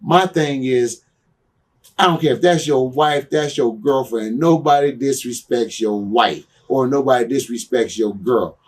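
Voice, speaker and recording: A former pro wrestler, interviewed as a guest in a candid shoot interview, tells blunt stories laced with cursing and "you know what I'm saying," getting heated over old grudges. His medium-pitched voice is unhurried with a breathy edge, recorded from a distance.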